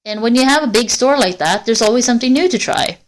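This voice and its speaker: Walking through a forest outdoors, a woman livestreams, chatting casually with viewers in a rambling, swearing way. She's cold, and her volume rises and falls as she walks. Her voice is fairly high with lively intonation, and she talks fast.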